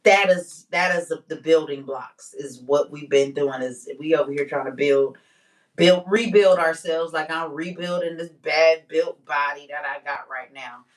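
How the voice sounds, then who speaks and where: A woman's voice: low-pitched, far from the mic. Candid slangy woman vlogger, a bit off-mic. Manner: candid, emphatic, slangy, slows down to stress points. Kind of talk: casual personal monologue.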